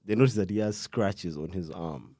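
A man's voice: low voice, normal speed, warm tone, no room sound, studio quality. A young man telling a true crime story in casual chat, rambling with slang and restarts, stopping now and then to cough. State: coughing fits.

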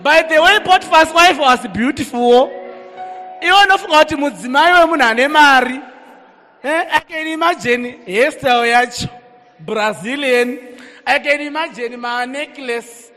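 A man with a Zimbabwean accent preaching a sermon, energetic and calling out to the congregation. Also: very high-pitched, normal speed, faint music behind. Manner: energetic, calls on the congregation, switches between languages. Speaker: pastor. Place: church hall. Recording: echoey church hall reverb.

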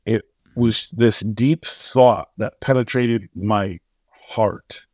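Fairly low-pitched and slow, a middle-aged singer-songwriter who helped found a charity relates a long anecdote during an interview. He's an animated storyteller who acts out the dialogue, and the studio-quality audio has no echo.

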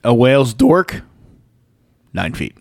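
A man hosting a casual podcast, quickly reading quiz facts and teasing his co-hosts. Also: medium pitch, very animated, creaky, no room sound. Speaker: podcast host running a quiz segment.

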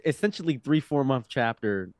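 A young man in his twenties, a podcast guest telling a story in a loose, animated way, with laughs, restarts and swearing. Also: medium pitch, moderate pace, no room sound. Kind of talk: casual storytelling.

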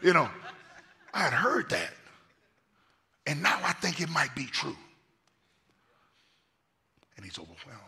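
A man preaching a lively sermon in a hoarse voice, swinging from shouts down to near-whispers and telling stories in casual slang. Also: on the high side, slow, long pauses. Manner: casual slang-laced storytelling. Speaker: pastor.

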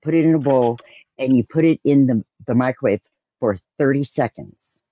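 A laid-back man with a dark, husky voice chats in a group call. His mic sounds muffled and dry, with no room sound. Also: mid-range voice, normal speed, dry recording. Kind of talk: casual group voice chat.

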